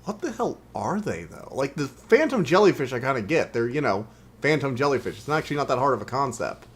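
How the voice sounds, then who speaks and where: A man's voice: medium pitch, big pitch swings, brisk. A man streaming a video game, chatting as he plays, wry and sometimes exasperated. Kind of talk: gaming stream commentary.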